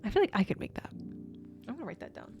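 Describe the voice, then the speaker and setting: A young woman streamer chatting casually with her viewers, bubbly and excitable, often giggling. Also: a little high, quick pace, music in the background. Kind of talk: casual live-stream chat.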